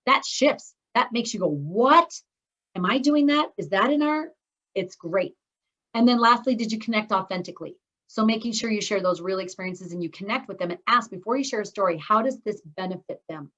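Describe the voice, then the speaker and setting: Speaking a little fast, a middle-aged speaking coach encourages her students directly in an upbeat manner during a lesson. Her medium-pitched voice has a fairly bright tone, though the video call leaves it slightly dull and lo-fi.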